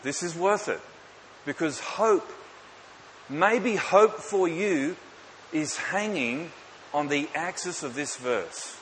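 A man preaches a sermon in a fairly high voice, driving his points home with emphasis and rhetorical questions. He drops in light joking asides. The sound carries a hall's long echo over a faint hiss. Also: takes it slowly. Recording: echoey hall with faint hiss.

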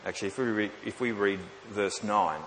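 A man preaches an emphatic sermon, putting rhetorical questions to the congregation and adding light joking asides. His voice is fairly low and fairly bright, with fairly even intonation and a fairly quick pace. The recording comes from an echoey hall with a faint hiss.

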